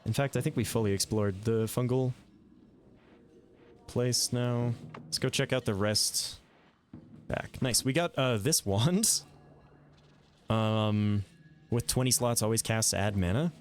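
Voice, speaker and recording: A man giving live gameplay commentary, thinking aloud in a relaxed way with some mild swearing. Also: medium pitch, slow pace, pauses often, a little hiss or hum. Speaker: game streamer.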